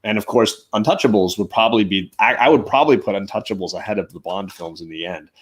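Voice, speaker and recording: A man's voice: fairly low pitch, fast. A man hosting a casual movie review discussion, talking with enthusiasm and restarting his sentences now and then. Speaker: show host.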